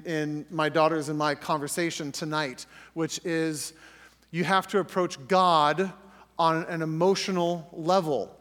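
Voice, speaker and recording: A middle-aged man teaching a sermon to a group in a conversational way, acting out prayers and correcting himself as he goes. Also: high voice. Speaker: pastor. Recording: reverberant hall recording.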